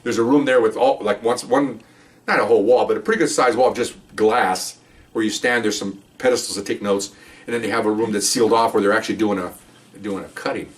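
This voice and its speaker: This retired police officer, middle-aged, speaks quickly with fairly even intonation in a voice on the low side, captured by a distant mic. He rambles through a story in casual conversation, loudly acting out what people said.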